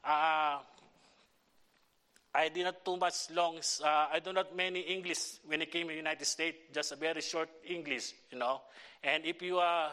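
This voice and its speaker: A middle-aged man with a Filipino accent preaching a sermon in halting English, with many fillers and restarts. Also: on the high side, fairly even intonation, sharp tone, smooth. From Philippines. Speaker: visiting pastor. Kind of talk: church sermon and prayer request.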